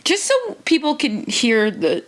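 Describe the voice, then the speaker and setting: A woman's voice: fairly high pitch, very animated, a little slow, fairly bright tone. A woman co-hosting a podcast in casual chat, giving dry, teasing reactions and asking short questions. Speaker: podcast co-host.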